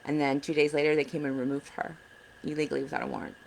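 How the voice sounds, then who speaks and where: A woman's voice: deep voice, little pitch movement, quick pace, gravelly, darkish tone, slight background noise, low-quality recording. A woman in her thirties giving earnest, blunt advice to other parents in a casual vlog, sounding frustrated. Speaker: parent advocate vlogger. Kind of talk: casual direct-to-camera advice.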